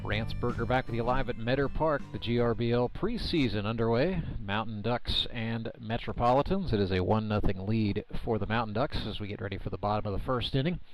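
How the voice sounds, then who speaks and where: A man calling a baseball game live as play-by-play commentator, relaxed and chatty with dry humor. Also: on the low side, a little fast, hardly any pauses, over music, rough recording. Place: ballpark broadcast booth.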